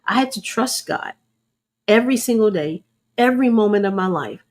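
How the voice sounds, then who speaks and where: A woman's voice: medium pitch, lively intonation, moderate pace, a little mellow. A middle-aged woman, sharing a faith-based personal testimony in an earnest, preacherly way and calling her listeners y'all. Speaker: host.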